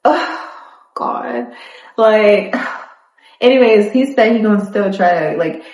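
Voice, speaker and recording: A young woman from South Florida giving a sassy, animated casual recap of a reality show. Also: mid-range voice, takes it slowly. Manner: animated, sassy, talks back to the screen. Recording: echoey room.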